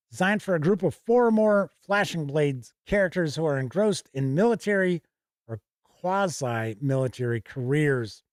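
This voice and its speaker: A middle-aged man hosts a casual stream, reading from books with frequent small self-corrections. His voice sits a little high for a man. The sound is dry and close. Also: darkish tone, no room sound. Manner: reads aloud from books, corrects himself. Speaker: host. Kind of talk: casual livestream review.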